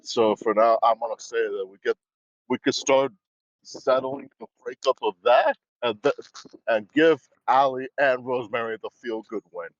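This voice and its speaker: A man's voice: medium pitch, normal speed, no echo. Matter-of-fact man on a dull mic. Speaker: podcast co-host. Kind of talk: casual chat.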